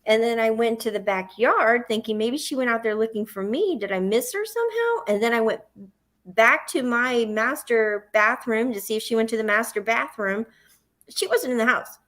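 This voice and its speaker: A woman's voice: fairly high pitch, expressive, normal speed, fairly bright tone. A woman with a Southern US accent, hosting a livestream and telling a long personal story, acting out her own panic in the quoted parts. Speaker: host.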